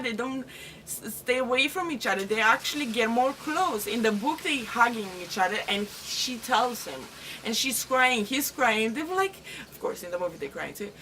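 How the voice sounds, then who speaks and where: A woman's voice: fairly high pitch, expressive, moderate pace, fairly bright tone, distant mic, a little hiss or hum, poor audio. A woman giving a casual, rambling vlog book review, full of "like" and "uh" fillers. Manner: rambling, chatty, lots of "like" and "uh".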